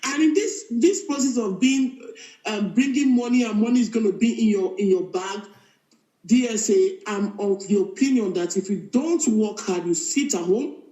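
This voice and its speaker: Caller: woman, animated and laughing, mellow tone, echoey phone line. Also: medium pitch, moderate pace. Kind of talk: phone-in testimony. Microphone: phone call played into the room.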